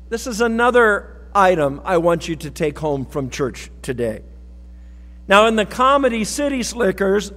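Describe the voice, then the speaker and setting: A man's voice: high voice, big-room sound. A male pastor giving a sermon in a folksy, conversational way with light humor, recorded in a church sanctuary.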